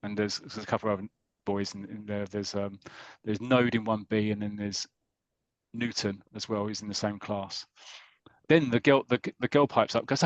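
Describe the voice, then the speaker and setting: A man's voice: lowish voice, steady tone, normal speed, no room sound, lo-fi sound. British man chatting, dry sound. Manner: rambling, with repeated restarts. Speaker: podcast co-host. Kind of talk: casual recap of a comic.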